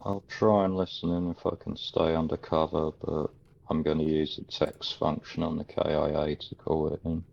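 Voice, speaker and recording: A man playing in a tabletop role-playing game, with a gravelly, husky voice, laying out his plans deliberately. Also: extremely low pitch, little pitch movement, a little mellow, highs cut off. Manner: deliberate, planning aloud. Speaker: player.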